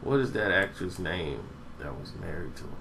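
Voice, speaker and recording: A man giving a casual, rambling movie review, meandering and pausing to search for names. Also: sits low, animated, gravelly, noisy background.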